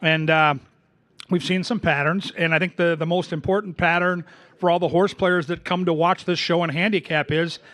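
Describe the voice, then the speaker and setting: High-pitched male handicapper, relaxed, knowing, casual chat. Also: moderate pace, dry recording. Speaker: horse racing handicapper.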